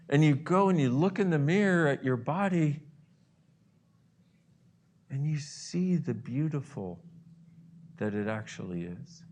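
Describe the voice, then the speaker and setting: A man speaking as a self-help host, leading listeners through an imagined morning and voicing their inner reactions with gasps and exclamations. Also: mid-range voice. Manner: animated, acts out inner voices with gasps and exclamations. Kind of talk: guided visualization talk.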